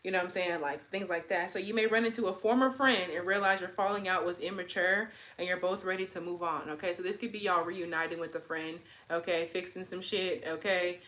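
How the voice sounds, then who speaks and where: A woman's voice: lowish voice, fairly even intonation, fairly quick, hardly any pauses, fairly bright tone. Slangy woman in her twenties reading tarot. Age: 20s. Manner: chatty, slangy, keeps tagging lines with "okay?". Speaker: tarot reader. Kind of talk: casual pick-a-card tarot reading.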